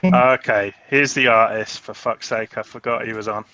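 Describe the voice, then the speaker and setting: A man's voice: on the low side, steady tone, moderate pace, lo-fi sound, noisy background. A man joking and teasing his co-hosts in a casual live stream chat. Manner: joking, teasing, laughs often.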